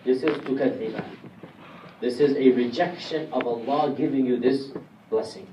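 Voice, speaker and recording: A man's voice: medium pitch, normal speed, mellow, muffled recording, a little hiss or hum. A man giving a classroom lecture on Quran commentary, explaining step by step and putting questions to his audience. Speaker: Islamic lecturer. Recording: roomy distant room recording, faint ambience.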